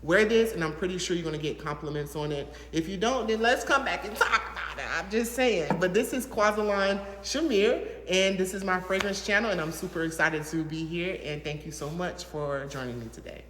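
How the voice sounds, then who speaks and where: An enthusiastic host chats through a product review, gushing and rambling with plenty of fillers. The voice sits at an ordinary middle pitch. It rings out in a hard room with a long, roomy reverb tail. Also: fairly quick, hardly any pauses, sharp tone. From Southern United States. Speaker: fragrance reviewer, channel host. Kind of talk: casual to-camera product review.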